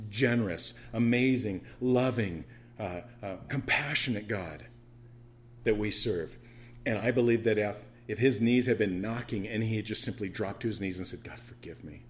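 A man preaching a sermon, animated, often stammering and restarting, building to loud proclamations. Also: fairly low pitch, slight background noise. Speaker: pastor.

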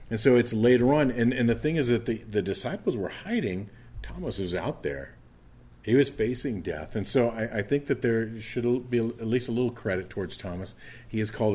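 A man's voice: mid-range voice, darkish tone. A man preaching a conversational sermon, reading scripture aloud and explaining it. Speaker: pastor.

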